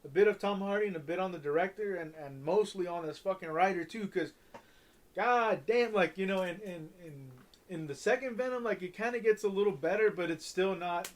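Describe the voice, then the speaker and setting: A young man from Southern California, co-hosting a podcast, rambling with restarts and heavy swearing. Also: high voice. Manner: rambling, profane, halting restarts. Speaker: podcast co-host. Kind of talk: casual chat.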